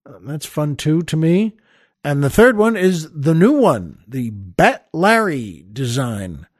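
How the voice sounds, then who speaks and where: This is an older man with a fairly high voice, hosting his own comedy podcast. He rambles, chuckles and restarts as he plugs merchandise and tells an old joke. The sound is dry and close, with no room around it. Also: big pitch swings, takes it slowly, no room sound. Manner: rambling, chuckling storyteller who tells jokes with little voices. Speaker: podcast host. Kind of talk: casual comedic monologue.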